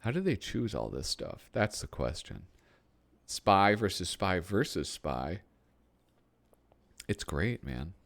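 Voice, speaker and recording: Lower-voiced man rambling casually. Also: big pitch swings, slow pace, gravelly, pauses often. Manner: rambling, frequent ums, thinking aloud. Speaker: host. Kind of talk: casual chat while flipping through a magazine.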